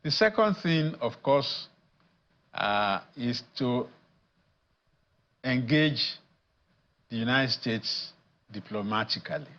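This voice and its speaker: A man, a guest addressed as professor, speaking in a measured, deliberate way with frequent pauses and fillers in a studio news interview. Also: medium pitch, lively intonation, a bit bright, dull audio. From Nigeria.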